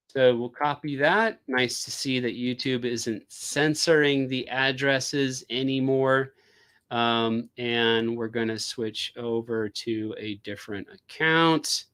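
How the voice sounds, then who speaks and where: Man, live stream host, casual chat, rambling, filler words, mid-pitched voice, desk mic. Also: fairly bright tone. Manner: chatty and rambling, with frequent fillers.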